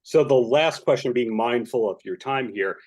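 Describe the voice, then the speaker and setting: A man's voice: medium pitch, moderate pace, a little mellow. Wordy male podcast host on a video call. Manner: friendly, wordy questions listing the guest's credits. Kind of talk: interview questions over video call.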